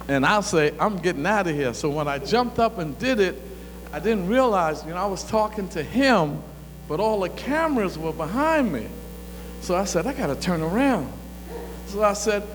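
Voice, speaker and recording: A man with a rather high voice delivers a fiery, colloquial speech, telling stories with growing excitement. His voice rings with a long hall reverb over a faint hum. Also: normal speed. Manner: animated, colloquial storyteller who gets excited. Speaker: former city council member giving a talk.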